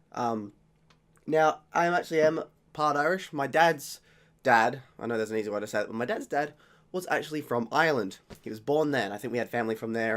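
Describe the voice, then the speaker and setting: A young Australian man hosting his channel, talking casually and rambling, often correcting himself as he tastes beers. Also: mid-range voice. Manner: rambling, chatty, self-correcting. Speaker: channel host. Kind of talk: casual beer tasting vlog.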